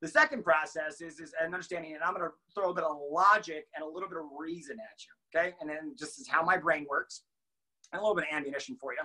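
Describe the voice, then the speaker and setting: A young adult man giving a casual motivational training talk, animated and laughing, acting out quotes. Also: on the high side, brisk, breathy edge, low-quality recording. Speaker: team trainer.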